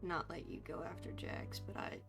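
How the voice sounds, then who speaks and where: A woman's voice: moderate pace, music in the background. Woman animatedly retelling a roleplay grudge. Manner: animated retelling, swearing, frustrated. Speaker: streamer and roleplayer. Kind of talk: in-character roleplay storytelling.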